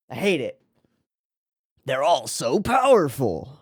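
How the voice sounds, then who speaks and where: A man records an anime reaction in a dry, close room, and his voice jumps all over the place. He talks slowly and drawls his lines. He curses at the characters and teases them like old buddies. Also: mid-range voice, sing-song, darkish tone, no room sound. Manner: swears freely and talks back at the screen; laughs often and teases the characters. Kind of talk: casual reaction commentary.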